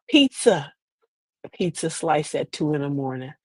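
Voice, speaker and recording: A woman's voice: low voice, sing-song, takes it slowly, no echo. A woman, hosting a streamed show in a sassy, rambling comedic monologue. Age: 50s. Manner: chatty, sassy, rambling with repeated phrases.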